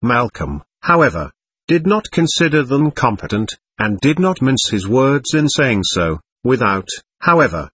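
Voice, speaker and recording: Husky male audiobook narrator. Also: mid-range voice, a bit bright, no echo. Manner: measured first-person storytelling. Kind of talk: scripted narration.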